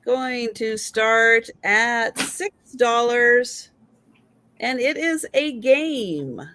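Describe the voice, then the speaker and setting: A woman hosting a live vintage sale, slowly and methodically describing items and counting down bids. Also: a little high, expressive, fairly bright tone. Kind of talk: live auction chat.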